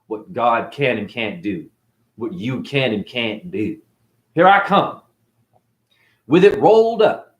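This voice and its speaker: A man's voice: mid-range voice, big pitch swings, slow, pauses often. A man as a spiritual teacher, ranting in a defiant, preachy way, swearing and tossing out mocking asides. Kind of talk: unscripted spiritual rant. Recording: echoey room.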